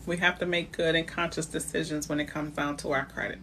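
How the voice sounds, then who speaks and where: A woman's voice: low-pitched, level tone, fairly quick, fairly bright tone, a little hiss or hum. A woman realtor talking live to viewers about credit in a chatty, direct way, greeting them by name as she goes. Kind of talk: live-stream talk on building credit.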